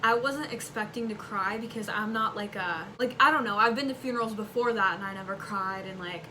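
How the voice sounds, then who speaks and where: Woman, mid pitch, chatty daughter in a casual talk, noisy recording. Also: fairly quick, sharp tone. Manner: chatty, many "like" fillers. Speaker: vlogger's daughter joining the talk. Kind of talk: casual conversation. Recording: clear background noise.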